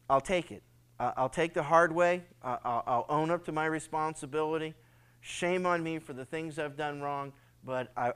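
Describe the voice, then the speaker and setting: A man's voice: a little high, a bit bright, clean tone. A man preaching a sermon as pastor, earnest, often repeating words for stress and acting out quoted prayers and excuses.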